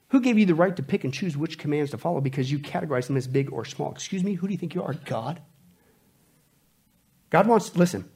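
Animated husky-voiced male preacher. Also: fairly high pitch, a little fast. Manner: animated, swings from loud to hushed, jokes. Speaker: pastor. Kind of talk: sermon.

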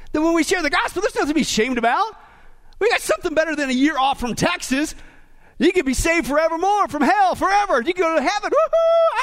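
A man's voice: very high-pitched, a bit bright. A man preaching a sermon in a joking, exclamatory manner. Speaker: pastor.

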